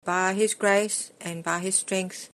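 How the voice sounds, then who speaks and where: A woman's voice: medium pitch, fairly even intonation, takes it slowly. A middle-aged woman preaching a sermon, earnest and emphatic as she reads and explains scripture.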